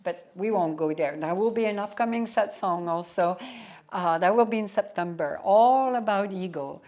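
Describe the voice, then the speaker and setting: A woman's voice: mid-range voice, normal speed, darkish tone. A woman spiritual teacher giving a devotional satsang talk, telling a story to teach, with emphatic asides.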